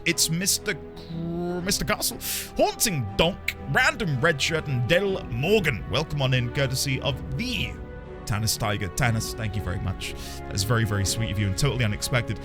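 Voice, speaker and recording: A man live-streaming a game, chatting casually with viewers, greeting them by name and playing up mock outrage. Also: medium pitch.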